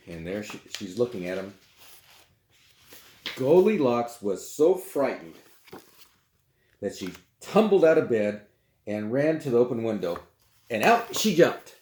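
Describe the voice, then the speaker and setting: Male storyteller reading to children, animated, chatty asides, roomy echo. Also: mid-range voice.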